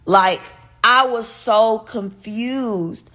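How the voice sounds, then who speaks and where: Animated young woman telling a story. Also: mid-range voice, slow. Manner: animated, swears freely, speaks straight to viewers. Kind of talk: casual storytelling to viewers.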